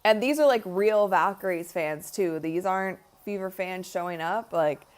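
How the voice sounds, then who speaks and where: A woman's voice: on the low side, moderate pace. A young woman giving casual live commentary at a watch party, chatty and tired, yawning now and then. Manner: chatty, frequent "like" and "honestly". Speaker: livestream host.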